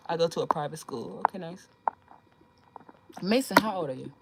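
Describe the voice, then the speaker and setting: A young woman with a low voice hosts a casual livestream and talks straight to her viewers. She is blunt, swears freely and jokes around, laughing often. A faint hiss sits behind her. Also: lively intonation, moderate pace. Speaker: livestream host.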